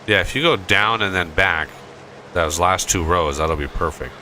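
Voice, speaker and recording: A man's voice: sits low, moderate pace, sharp tone, a little hiss or hum. A man hosting a gaming channel, chatting casually while he plays and telling a rambling story full of restarts. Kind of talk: casual chat while playing a game.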